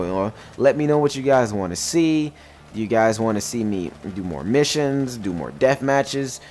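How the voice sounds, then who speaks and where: A young man hosting his own gaming channel, telling a match story in slangy, laughing commentary. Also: on the low side. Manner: animated storytelling with frequent laughs; slangy and excitable.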